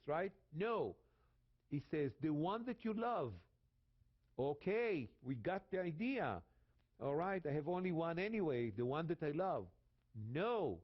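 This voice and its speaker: An Israeli man with a Hebrew accent explains scripture with dramatic flair, repeating key phrases. His voice sits a little high and leaps up and down in pitch. The recording sounds dull and lo-fi. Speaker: guest Bible teacher. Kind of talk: animated Bible teaching.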